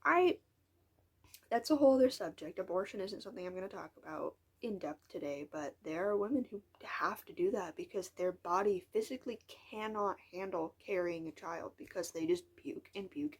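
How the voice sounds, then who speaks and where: A woman's voice: medium pitch, a little mellow, slightly rough. An eighteen-year-old woman talking in a casual vlog monologue, frank and frustrated, rambling and dropping into whispered asides. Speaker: vlogger.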